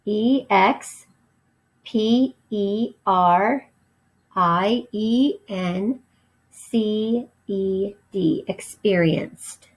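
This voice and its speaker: A woman's voice: mid-range voice, low-quality recording. A woman teacher giving a recorded vocabulary lesson, spelling each word letter by letter and explaining its meaning. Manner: slow, spells words letter by letter.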